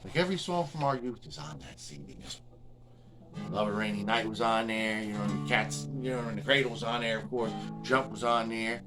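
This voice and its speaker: A guitar restorer and vlogger in his fifties spins a rambling, casual story in a lowish, lively voice at a moderate pace, swearing freely and ending sentences with "man" and "you know what I mean." Loud guitar playing sits behind his voice.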